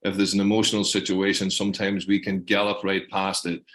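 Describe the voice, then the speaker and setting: A man's voice: low voice, monotone, fairly quick, a bit bright. A male clinician interviewing a guest, appreciative and often repeating words as he builds a question.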